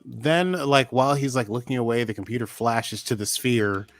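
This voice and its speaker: A man co-hosting a podcast, recapping an episode in a chatty, joking way with sudden jumps in pitch. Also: normal speed. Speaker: podcast co-host.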